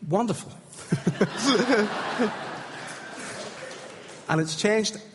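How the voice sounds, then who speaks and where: A man leading a live healing service from the stage, encouraging the congregation and joking gently with them. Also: a little high, moderate pace. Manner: encouraging, gently humorous, calls out to the crowd. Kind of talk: live sermon ministry. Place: large hall with congregation. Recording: echoey hall with faint crowd.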